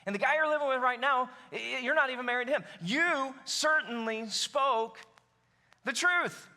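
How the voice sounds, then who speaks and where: A man preaching voices Jesus as a bold, excited adult man, raised and emphatic. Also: very high-pitched, normal speed, big-room sound, voice pushed up, exaggerated voice.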